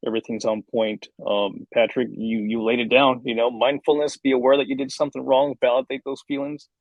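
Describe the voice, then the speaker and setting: A man's voice: mid-range voice, little pitch movement, fairly quick, no room sound, narrow, tinny audio. A man on a discussion panel as a psychologist, speaking in an encouraging way and quoting himself as he explains. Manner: encouraging, repeats words, then quotes himself. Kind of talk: casual discussion.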